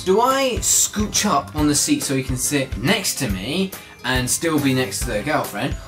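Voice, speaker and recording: Young adult vlogger with a very animated, sweary rant. Voice jumps high and low, with faint music behind. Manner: animated, sweary ranting with big swings up to near-shouting. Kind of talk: casual ranting vlog.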